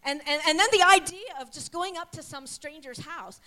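A middle-aged woman with a high, bright voice tells a personal testimony. She tells it like a story, acting out what people said along the way. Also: moderate pace. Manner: animated storytelling with acted quotes. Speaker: pastor's wife. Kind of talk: testimony sharing.

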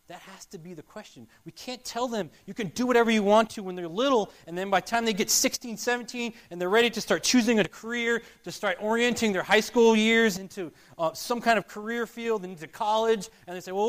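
A man preaching a sermon as a pastor, earnest and repetitive, swinging between loud emphasis and quiet asides. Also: sits high. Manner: earnest, repetitive, rising and falling loudness.

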